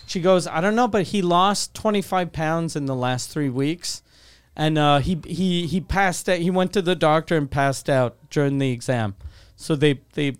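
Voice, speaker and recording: A man's voice: on the high side, normal speed, smooth. A man telling a long, rambling personal story in casual chat, swearing often and restarting his sentences.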